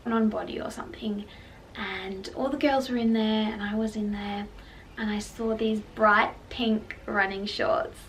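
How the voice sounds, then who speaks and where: A young woman, telling her personal story in a candid, emotional way and leaning on filler words. Her voice has a gravelly edge. The mic sits a little far off, with faint noise behind her. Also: medium pitch, fairly even intonation, unhurried, fairly bright tone. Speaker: vlogger. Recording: slightly distant mic with faint background noise.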